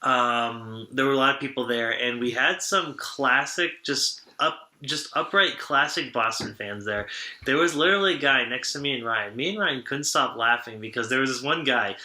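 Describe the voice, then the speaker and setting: Bright-voiced young man rambling cheerfully. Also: mid-range voice, moderate pace. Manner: rambling, laughs often, many restarts. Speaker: podcast co-host. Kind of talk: casual sports chat. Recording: echoey room.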